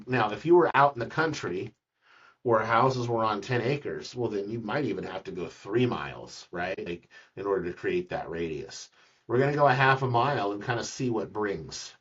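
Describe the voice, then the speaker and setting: A man's voice: medium pitch, breathy edge. Chatty man teaching from a distance. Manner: chatty, jokey asides, repeats words. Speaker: real estate agent teaching a colleague. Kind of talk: casual screen-recorded tutorial. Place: office room with a colleague. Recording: dull, distant screen-recording audio.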